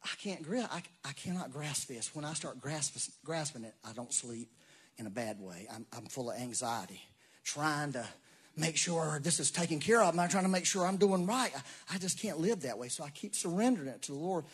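A man, preaching a sermon in a folksy, animated way with asides and laughs. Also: fairly high pitch, normal speed, husky. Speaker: pastor.

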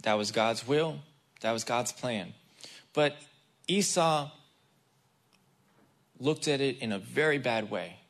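A man's voice: medium pitch, unhurried. Chatty man preaching a casual sermon. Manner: casual and chatty, addresses the congregation directly; acts out the people in the story. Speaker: guest preacher. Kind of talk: conversational sermon.

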